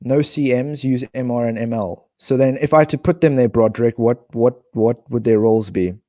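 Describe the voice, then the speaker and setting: A man from South Africa chatting casually on a live stream, thinking out loud and reading viewers' comments aloud. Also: mid-range voice, brisk, dry recording, studio quality.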